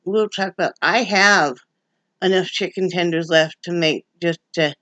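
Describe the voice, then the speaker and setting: A woman's voice: on the low side, measured pace, a bit bright, no room sound. A woman from Wyoming chatting at home for her vlog, rambling and restarting her sentences. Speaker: vlogger. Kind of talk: casual home chat. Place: at home, indoors.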